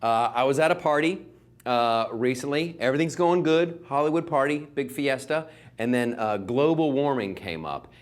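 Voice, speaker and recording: A man's voice: mid-range voice, normal speed. A male comedian doing a sarcastic stand-up monologue, rambling with filler words.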